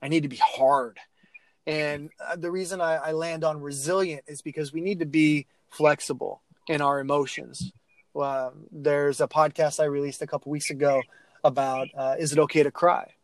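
A man as a podcast guest, telling coaching stories in a casual, animated way with many restarts and fillers. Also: a little high, normal speed, no echo. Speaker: guest, athlete mental-skills speaker.

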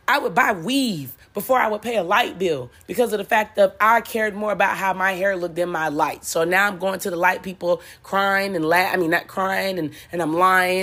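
A woman's voice: lowish voice, a bit bright. A woman giving a blunt, profane motivational talk, repeating lines for emphasis and laughing at her own jokes. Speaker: spiritual motivational speaker. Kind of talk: preachy motivational monologue.

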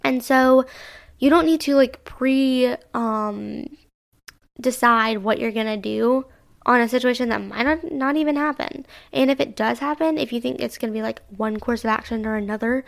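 A woman's voice: on the high side, normal speed, vocal fry. A woman in her early twenties hosting a solo podcast, rambling in a chatty, self-reflective way. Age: 20s. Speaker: podcast host. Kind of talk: casual solo podcast monologue.

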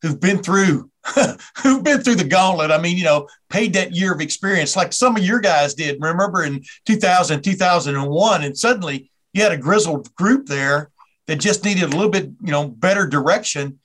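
A man's voice: sits high, lively intonation, moderate pace, a bit bright. A man hosting a casual sports conversation, agreeable and often chiming in with short agreement. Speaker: host.

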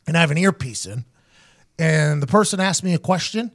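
A man hosting a podcast, telling a story in casual chat, quoting others in quick asides. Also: a little high, creaky. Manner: animated, quotes people in quick asides. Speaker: podcast host.

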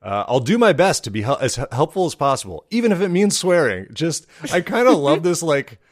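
A man's voice: a little high, sing-song, a little fast. A man co-hosting a comedy podcast, chatting casually and rambling with frequent laughs. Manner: joking, rambling, laughs often. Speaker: podcast co-host.

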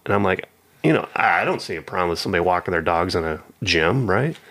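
Laid-back low-voiced man telling stories. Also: lively intonation, fast, a bit bright, husky. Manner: rambling anecdotal, acts out quoted voices. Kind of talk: casual storytelling chat.

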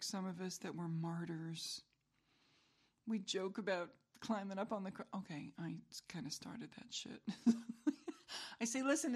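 A woman's voice: on the high side, darkish tone. A middle-aged woman hosting a solo podcast, rambling through a casual monologue with self-mocking humor and frequent chuckles. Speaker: podcast host.

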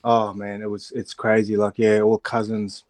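A middle-aged man, a rugby pundit on a weekly radio spot, telling stories in an animated way, laughing often and restarting his sentences. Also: lowish voice, moderate pace, no echo. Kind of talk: casual radio chat.

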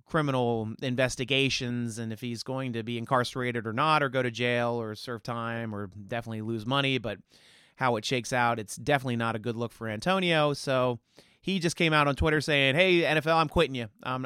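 Guy ranting on his sports podcast, smooth clear voice, dry close sound. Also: medium pitch, a bit bright, dry recording. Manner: opinionated, heated, mocking. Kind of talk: casual sports commentary.

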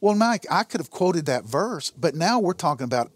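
A man's voice: a little high, sing-song, normal speed, dry recording. A man sharing a personal testimony in an earnest storytelling way, acting out the dialogue in his stories. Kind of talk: conversational testimony.

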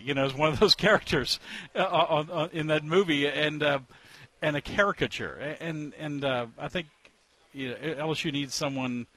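A man talking as a sports columnist in a relaxed conversation, offering candid opinions. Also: mid-range voice. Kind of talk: casual conversation as a guest.

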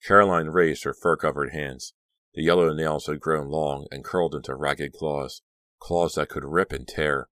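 A man narrating a horror audiobook in a steady, dramatic reading. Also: a bass voice, normal speed, no room sound, studio quality.

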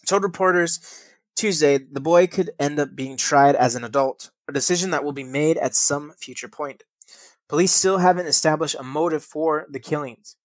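A man's voice: fairly high pitch, no room sound. A young man hosting a casual podcast, reading news stories aloud and commenting with frequent swearing and laughing at his own slips. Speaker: podcast host.

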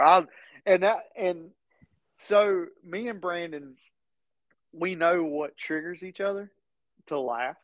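A man's voice: sits high, slow, long pauses, fairly bright tone, no room sound. A man telling a story as a podcast co-host, often laughing as he talks. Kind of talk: casual storytelling chat. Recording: dull lo-fi sound.

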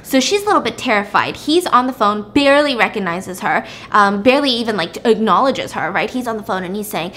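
A woman retelling a drama plot in a chatty, lively way with casual fillers. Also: mid-range voice, a little fast, few pauses, slight background noise. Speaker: drama recapper. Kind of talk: casual story recap.

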